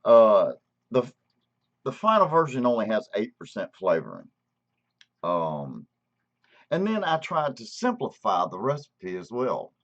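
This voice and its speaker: A Southern man with a fairly low voice hosts a casual livestream, talking slowly while his pitch swings widely. He greets viewers by name and stretches words out for emphasis. The stream audio sounds dull and lo-fi. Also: wildly swooping pitch. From Alabama. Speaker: channel host.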